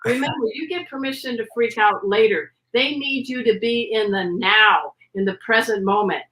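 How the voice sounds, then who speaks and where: A woman guest on a video podcast, teaching pet first aid with an energetic, demonstrative manner. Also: fairly high pitch, moderate pace. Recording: roomy echo.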